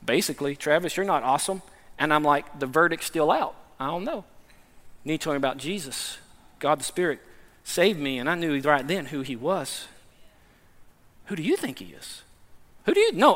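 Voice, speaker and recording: A man with a high voice preaches an emphatic sermon, swinging between hushed asides and loud declarations. He talks casually, calling listeners "man". His voice rings out with a long reverb, as in a big hall. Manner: informal, says "man". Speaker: pastor.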